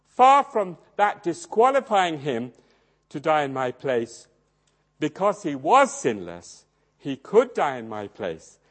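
A man preaching a sermon, swinging dramatically between loud emphasis and hushed low tones. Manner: acts out quoted voices in his storytelling.

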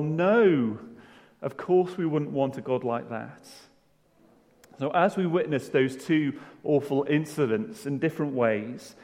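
A man's voice: mid-range voice, a little mellow. A man preaching a sermon in a church, conversational, with rhetorical questions and self-deprecating humour. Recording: long hall reverb.

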